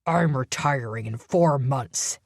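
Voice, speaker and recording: A woman narrator puts on a gruff older police commander for an audiobook, a man close to retirement who growls and snaps. The voice comes out louder and rougher, defensive and curt. The studio sound is dry and close. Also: deep voice, animated, moderate pace, no echo. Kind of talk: audiobook character voice.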